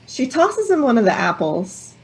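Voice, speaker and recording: A woman's voice: a little high, wildly swooping pitch, normal speed. A woman player in a tabletop game who describes her character's actions in the third person. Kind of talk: tabletop role-play.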